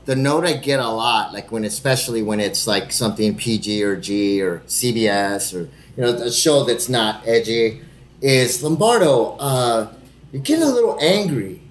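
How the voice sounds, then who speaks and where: A man who is an actor, talking casually with lots of swearing and quick impressions of people he quotes. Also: on the low side, echoey room, a little hiss or hum. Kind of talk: casual podcast chat.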